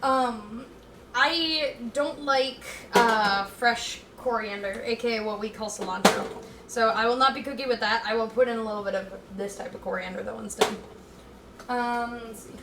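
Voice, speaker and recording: Woman streamer, high voice, chatty and scattered, cooking at home, echoey room, mic set back. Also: moderate pace, distant mic, very noisy. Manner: chatty, reads chat aloud, scattered and playful. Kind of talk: casual chat while cooking. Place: home kitchen.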